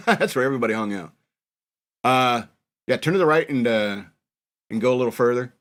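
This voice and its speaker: He's a podcast host in his forties, originally from northern New York, chatting casually about his younger years while rambling and teasing himself. The voice is medium-pitched and fairly bright, at a normal speed.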